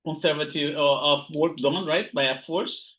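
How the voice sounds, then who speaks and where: A man's voice: on the high side, steady tone, normal speed, fairly bright tone, dull audio. A man teaching a physics lesson, working through notes, repeating key words and checking in with "right?" and "here you go". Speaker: physics instructor. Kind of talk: recorded lecture while writing notes.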